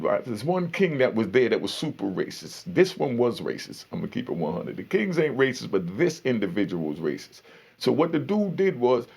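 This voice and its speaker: A man telling a story casually, slangy and animated, acting out the people in it. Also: medium pitch, vocal fry. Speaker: storyteller recounting prison life.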